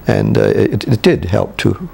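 Old canadian actor telling stories, low gravelly voice, keeps restarting and chuckling. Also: male voice, big pitch swings, warm tone. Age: older. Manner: halting, with many restarts and chuckles. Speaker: interviewee, veteran stage actor. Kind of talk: reminiscing interview.

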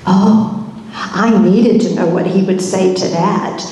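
Woman pastor doing a roman governor's wife, curious, keeps wondering out loud, slow and mellow, big echoey church. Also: mid-range voice, steady tone. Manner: storytelling with many wondering rhetorical questions. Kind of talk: first-person dramatic monologue in a church service. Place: church sanctuary.

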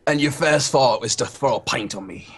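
A man voicing a gruff male city druid dwarf who drifts into a pirate-like way of talking. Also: mid-range voice, lively intonation, fast, fairly bright tone, soft background music.

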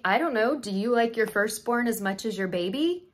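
A woman's voice: a little high, moderate pace. A middle-aged woman makeup artist chatting effusively to her viewers, asking rhetorical questions as she goes. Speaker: makeup artist and beauty vlogger. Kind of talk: chatty direct-to-camera talk.

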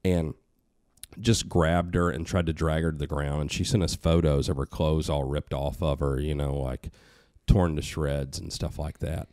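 A middle-aged man telling a story in casual podcast chat, animated and profane, acting out the voices of the people in it. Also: a bass voice, moderate pace, dry recording, clean studio sound.

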